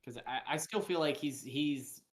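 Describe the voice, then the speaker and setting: A man's voice: fairly high pitch, measured pace. A man hosting a live fantasy football stream, chatting loosely with lots of fillers and restarts, recorded at a home setup on a desk mic. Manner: loose, filler-heavy analysis with frequent restarts. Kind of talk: casual live-stream chat.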